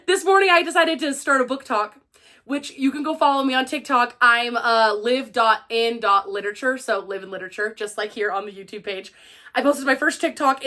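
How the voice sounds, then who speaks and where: A woman book vlogger chatting to camera in an excitable, gushing and dramatic way. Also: sits high. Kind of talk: casual chat to camera.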